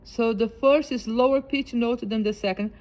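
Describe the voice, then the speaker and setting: A woman teaching a piano ear training lesson, speaking slowly and patiently and repeating each comparison of high and low notes. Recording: loud piano playing behind the voice.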